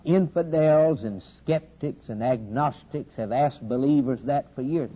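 A man preaching a sermon, with a steady preaching cadence that builds to loud, emphatic climaxes with dramatic pauses. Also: mid-range voice, husky. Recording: dull lo-fi sermon recording with faint hiss.

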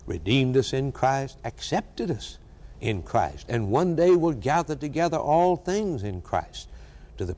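Male preacher, emphatic sermon, lively rising and falling voice, long hall reverb. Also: medium pitch. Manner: fervent, emphatic preaching with repetition.

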